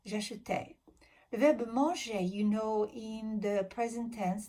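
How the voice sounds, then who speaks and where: Woman teacher, unhurried and husky, patient lesson delivery. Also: medium pitch, mellow. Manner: patient, spells out endings letter by letter. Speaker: French teacher. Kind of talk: recorded grammar lesson.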